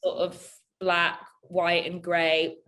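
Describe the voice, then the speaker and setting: A woman's voice: fairly low pitch, monotone, takes it slowly, fairly bright tone. A young woman chatting casually as an interview guest, giggly and full of filler words, over a video call. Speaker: interview guest, singer-songwriter. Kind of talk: casual chat.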